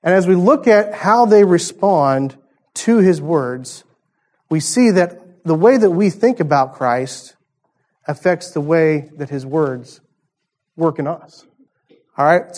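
A man's voice: a little high, expressive, slow, long pauses, darkish tone. A man preaching a conversational sermon, teaching through a passage and asking the congregation rhetorical questions. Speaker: pastor.

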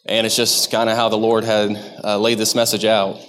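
A man's voice: lowish voice, monotone, moderate pace, a bit bright, big-room sound, slight background noise. A man from Texas, giving a sermon to his church in a conversational, self-deprecating way, often stopping and restarting his sentences. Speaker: lay preacher. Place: church sanctuary.

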